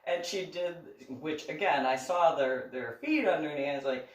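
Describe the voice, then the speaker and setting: A woman's voice: deep voice, normal speed. A woman from New Jersey telling a casual story on her vlog, laughing often as she talks. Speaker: vlogger. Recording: echoey room, distant mic.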